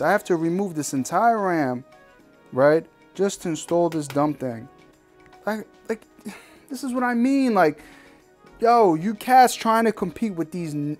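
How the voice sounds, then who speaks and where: A man walking viewers through installing a computer part, talking in a slangy, exasperated, ranting way. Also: a little high. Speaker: tech reviewer. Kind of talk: casual product install walkthrough.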